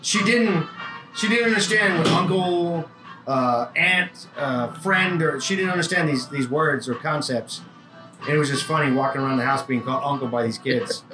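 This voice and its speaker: A man with a fairly high voice tells a work story in a loose, animated way, swearing as he goes. The sound is roomy and echoey. Music plays clearly behind him. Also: normal speed. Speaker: podcast co-host telling a work story. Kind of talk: casual chat.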